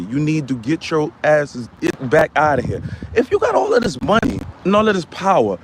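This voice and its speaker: A man puts on a boastful, hot-tempered ranter with a somewhat high voice that lurches between low mutters and sudden yells. He repeats himself constantly and talks in a comedic stream rant. A faint hum of outdoor traffic sits underneath. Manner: ranting, repetitive, swinging from mutters to yells. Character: loud boastful ranting man, quick to anger.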